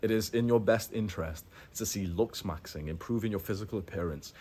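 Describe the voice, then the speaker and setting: A young man talking straight to camera, giving blunt self-improvement advice in a casual, filler-heavy way with lively bursts of emphasis. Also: lowish voice, fairly quick, slight background noise. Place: in Thailand, indoors.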